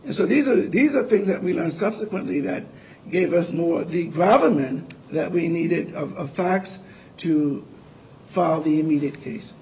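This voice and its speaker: A man arguing an appeal before a panel of judges, earnest and halting, with frequent restarts. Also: on the high side, a little mellow, slight background noise, rough recording. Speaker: appellate lawyer arguing for the appellant. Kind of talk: courtroom oral argument.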